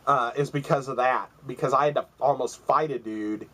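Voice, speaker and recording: A man's voice: mid-range voice, moderate pace, pushed and bright, low-quality recording. A man in his forties telling a rambling, profane story to camera, acting out the other voices as he goes. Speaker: vlogger.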